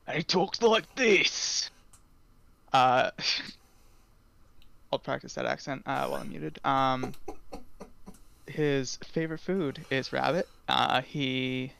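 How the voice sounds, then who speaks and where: Slow, gravelly man introducing his character. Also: medium pitch, fairly bright tone. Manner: hesitant, many fillers, laughs. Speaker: tabletop game player.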